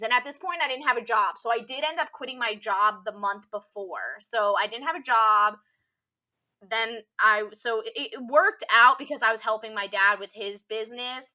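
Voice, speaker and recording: A young woman telling a personal story on a podcast, rambling casually with constant "like" fillers and a soft, subdued delivery. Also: a little high. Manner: rambling, heavy use of "like" filler.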